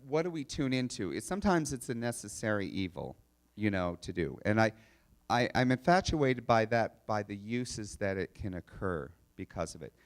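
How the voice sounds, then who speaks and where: A man giving a chatty, animated storytelling talk to a live audience at an expo. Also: fairly low pitch, normal speed. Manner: chatty, animated, restarts and laughs. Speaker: speaker telling stories at an expo.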